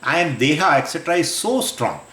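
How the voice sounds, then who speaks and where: A man teaching a scriptural lecture on Vedanta, explaining patiently, repeating phrases and pausing with fillers and restarts. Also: fairly high pitch, sing-song, pushed and bright, reverberant.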